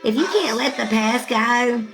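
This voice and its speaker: A woman's voice: fairly high pitch, animated, unhurried, low-quality recording. A talkative woman rambling and laughing often in a casual livestream chat, with music playing behind her. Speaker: livestream host.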